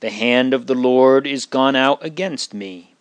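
A man's voice: mid-range voice, measured pace, smooth, no room sound, natural voice. Man voicing a grieving old widow. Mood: pleading. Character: grieving elderly widow, sorrowful and pleading.

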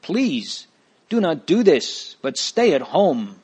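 A man's voice: a little high, very animated, slow pace, darkish tone, husky, voice pushed up, full character voice. A man reading a story aloud, voicing a fearful neighbor woman who scolds and pleads in a raised voice. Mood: scolding.

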